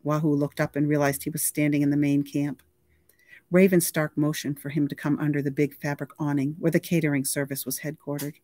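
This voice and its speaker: Lady reading a book out loud for the library, low voice, dry sound. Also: little pitch movement, a little fast, dry recording. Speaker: library reader. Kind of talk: reading a novel aloud.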